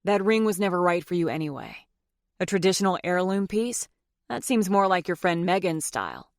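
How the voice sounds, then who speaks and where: A persistent, wry male lawyer, read by a woman in her own mid-range voice, calm and earnest with a teasing streak. The audiobook read is close and completely dry. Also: fairly low pitch, moderate pace, no echo.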